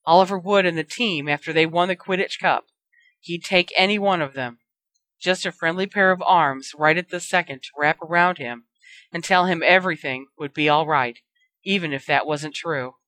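Bright, dry story narrator. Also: medium pitch, normal speed, no echo. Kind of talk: reading a fan fiction story aloud.

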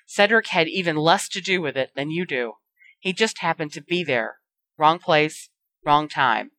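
A reader voicing a weary teenage wizard who speaks quietly and bitterly, in an audiobook story. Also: mid-range voice, expressive, a little slow.

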